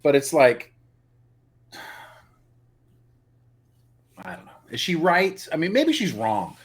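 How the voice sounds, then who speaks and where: An exasperated man co-hosts a casual review chat in a slightly high, very animated voice. He mocks scenes by acting them out. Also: takes it slowly, husky. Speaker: podcast co-host.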